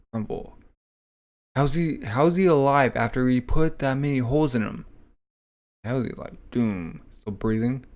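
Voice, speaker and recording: A man's voice: medium pitch, darkish tone. A man casually reading a comic aloud, voicing sound effects and reacting with a lot of "like".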